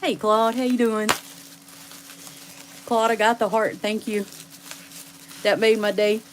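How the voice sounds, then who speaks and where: A woman's voice: on the high side, fairly even intonation, slow, background noise. Woman streamer, sniffly, chatty, talking to her phone in her bedroom. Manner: chatty, talks back to viewers by name. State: sniffling from sneezing. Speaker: live-stream host unboxing rocks. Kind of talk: casual live-stream chat with viewers. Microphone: phone on a stand.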